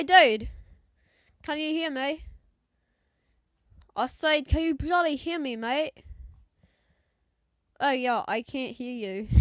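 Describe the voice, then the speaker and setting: A woman with a put-on British accent giving loud, excitable, slang-heavy commentary on a mobile game. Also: high voice, dry recording. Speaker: gaming YouTuber.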